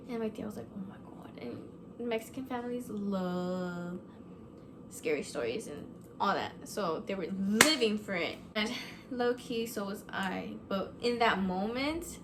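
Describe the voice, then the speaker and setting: Animated woman telling a ghost story. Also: medium pitch, measured pace, noisy background. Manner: animated, swears, lots of "like" fillers. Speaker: vlogger. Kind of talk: casual storytime vlog.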